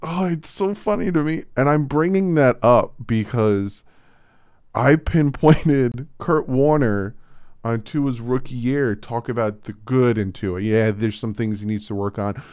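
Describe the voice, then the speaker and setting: A man's voice: mid-range voice, unhurried, clean tone, no echo, studio quality. A man hosting a sports fan reaction video, talking casually and laughing often as he comments. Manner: laughing often, animated and amused. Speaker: YouTube fan reaction host.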